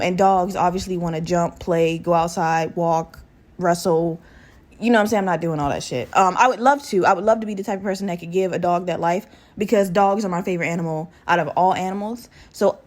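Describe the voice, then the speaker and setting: A woman's voice: lowish voice, a little fast, darkish tone. A woman in her twenties hosting a casual solo podcast, talking candidly and profanely straight to her listeners. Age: 20s. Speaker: podcast host. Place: her bedroom at home.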